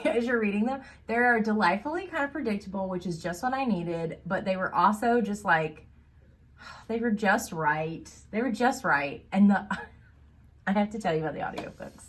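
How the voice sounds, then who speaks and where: A woman co-hosting a casual book podcast, chatty and animated, laughing often. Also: medium pitch, moderate pace. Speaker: podcast co-host.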